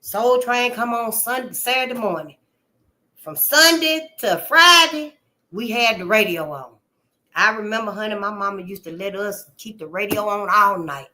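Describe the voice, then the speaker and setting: A woman from Memphis, hosting a casual, animated monologue, calling listeners honey and swearing freely. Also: medium pitch, moderate pace. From Memphis, Tennessee. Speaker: channel host.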